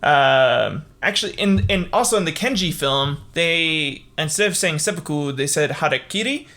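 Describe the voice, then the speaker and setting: This podcast host speaks at a normal speed in an animated, somewhat high voice that sounds pushed and bright. Reading a history account casually, he scatters filler words throughout and veers into irreverent, profane tangents, cracking himself up as he goes.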